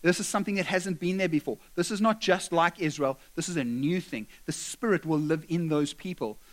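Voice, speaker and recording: A man preaching a sermon, lively and animated, acting out quotes from scripture and from his listeners. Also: on the high side, brisk. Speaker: pastor.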